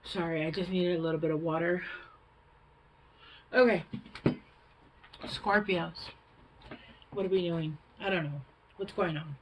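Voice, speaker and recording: A woman's voice: fairly low pitch, fairly even intonation, measured pace, long pauses, a little hiss or hum, poor audio. A woman giving a casual tarot reading, talking bluntly with lots of swearing, fillers and rambling asides. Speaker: tarot reader.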